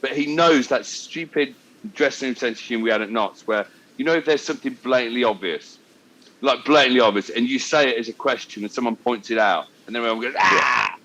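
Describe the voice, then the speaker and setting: A man telling cricket stories on a podcast, animated and lapsing into voices for the people he quotes. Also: mid-range voice, quick pace, poor audio. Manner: animated, slips into voices for anecdotes. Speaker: co-host. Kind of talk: casual podcast storytelling.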